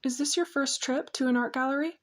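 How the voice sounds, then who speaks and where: A woman voicing a cheerful, lively young woman teacher in an audiobook reading, with a breezy, friendly manner. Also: sits high, fairly quick, lightly acted.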